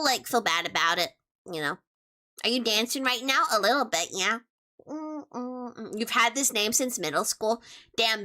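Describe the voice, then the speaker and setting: This female streamer has a youthful, childlike voice that sits on the high side with a sharp edge. She reads and answers her chat in a casual, playful way, chatty and full of teasing asides.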